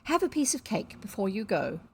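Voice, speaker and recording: A woman voicing a stout, bad-tempered Victorian lady who later turns kindly, with a shrill scolding manner. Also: big pitch swings, normal speed, breathy edge. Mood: gushing. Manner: shrill scolding, then gushing sweetness.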